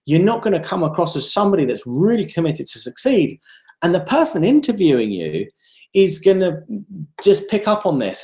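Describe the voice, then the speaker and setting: A man's voice: a little high, echoey room. A man giving a live online self-development talk, telling personal stories and asking rhetorical questions. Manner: animated, storytelling with rhetorical questions.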